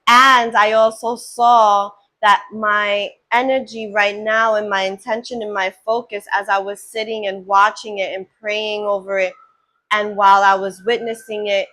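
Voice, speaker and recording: Woman card reader, higher pitch, unhurried, earnest, affirming spiritual tone. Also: a bit bright. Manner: slow, earnest and affirming, often checks in with "right?". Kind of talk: spiritual oracle card reading.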